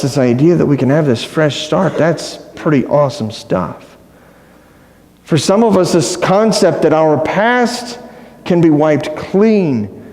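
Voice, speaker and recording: A man's voice: on the high side, gravelly, a little mellow. A man preaching a sermon as a pastor, conversational and playful, often asking his congregation questions. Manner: playful, self-deprecating humor. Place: church sanctuary. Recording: roomy hall with long reverb.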